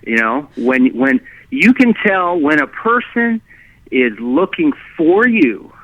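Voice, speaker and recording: A man telling his own story as a guest, halting and animated, with many restarts and fillers. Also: on the high side, no echo. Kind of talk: rambling first-person storytelling. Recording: dry tinny phone line.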